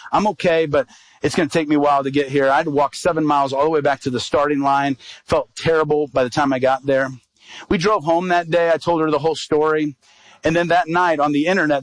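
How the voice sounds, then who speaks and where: Animated male evangelist telling a story. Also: no echo, low-quality recording. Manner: animated storyteller, acts out quoted dialogue, rises in pitch at climaxes. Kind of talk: sermon storytelling.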